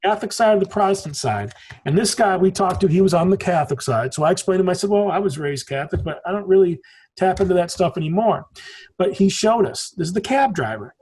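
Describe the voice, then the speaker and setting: A man's voice: sits high, expressive, fast talker, darkish tone, breathy edge. A man in his forties, a podcast guest in casual conversation, telling rambling stories and swearing casually. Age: 40s.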